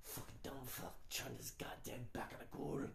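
A man voicing a gruff, menacing male adventurer with a low, pressed-down throaty voice and profane threats. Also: steady tone, normal speed, in a whisper. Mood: contemptuous. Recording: echoey room.

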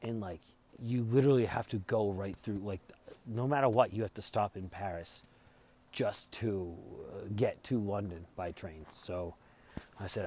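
A man's voice: fairly low pitch, unhurried, warm tone. Rambling, cursing man telling a story. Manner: rambling, profane, laughs while retelling. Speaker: travel vlogger. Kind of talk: casual storytelling monologue.

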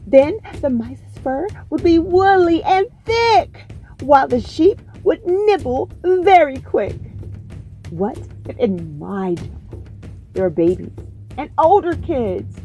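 A woman's voice: high-pitched, very animated, slow, mellow, soft background music. A woman reading a children's picture book aloud in a playful, sing-song, questioning way. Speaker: children's story reader.

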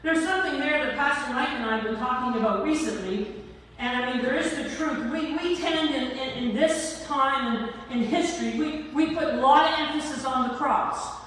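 A woman pastor preaching a sermon, slow and emphatic, drawing out the ends of her lines. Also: high-pitched, fairly bright tone, slight background noise. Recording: echoey church hall from far off.

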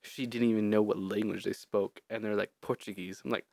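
A man co-hosting a podcast, telling stories in a casual, animated way and swearing freely. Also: fairly low pitch, a little fast, gravelly, no room sound, studio quality. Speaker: podcast co-host. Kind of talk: casual chat.

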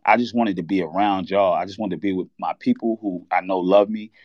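Man, deep voice, candid and halting, dull lo-fi sound, dry. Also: fairly even intonation, a little mellow, no echo. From New York. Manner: candid, halting, reliving a loss. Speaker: podcast host. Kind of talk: emotional personal story on a sports talk show.

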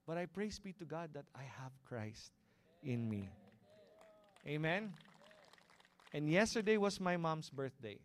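High-voiced Filipino pastor preaching. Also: male voice, expressive, a little slow, long pauses. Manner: calls out "Amen?" to the congregation, swings between loud and hushed. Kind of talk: sermon. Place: cinema hall used as a church.

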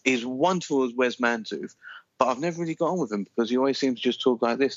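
A man's voice: mid-range voice, animated, normal speed, gravelly, no echo, dull audio. A man co-hosting a podcast in casual chat, enthusiastic and rambling, with lots of fillers. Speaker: podcast co-host.

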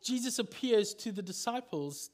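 A male pastor preaching a sermon in an animated storytelling manner, acting out the scenes. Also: high-pitched, normal speed.

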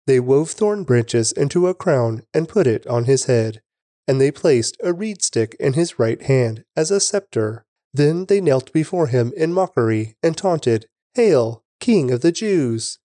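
A man giving a measured, steady scripted reading of scripture. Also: mid-range voice, no room sound, studio quality. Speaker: Bible reader.

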